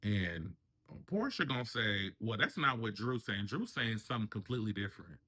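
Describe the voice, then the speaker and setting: A man's voice: lowish voice, expressive, normal speed. A man hosting a casual reality TV review, chatting and acting out the cast members' lines in raised voices. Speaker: reality TV commentary host.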